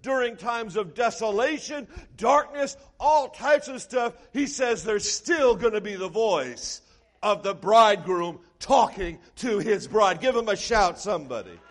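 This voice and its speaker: A man preaching a sermon as pastor, swinging between quiet, low passages and loud, shouted lines. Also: animated, measured pace.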